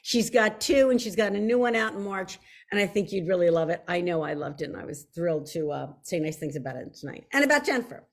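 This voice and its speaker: A woman's voice: lowish voice, animated, fast. A woman with a Philadelphia accent, an author hosting her own video show, chatting effusively to viewers with many restarts and repeated words like "very, very.". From Philadelphia area. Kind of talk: casual chat to viewers.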